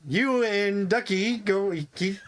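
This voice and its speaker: A young adult man running a tabletop game as game master, narrating in a relaxed, rambling way with frequent laughs. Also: high voice, slow, a crowd in the background.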